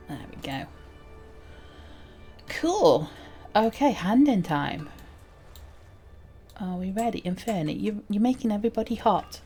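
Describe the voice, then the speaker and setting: Low-key chatty woman streaming a game. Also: darkish tone. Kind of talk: casual gaming chatter.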